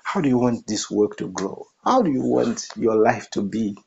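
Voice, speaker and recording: A man's voice: fairly low pitch, animated, moderate pace, gravelly, darkish tone, muffled recording, slight background noise. A man preaching a sermon, emphatic, repeating his phrases for effect.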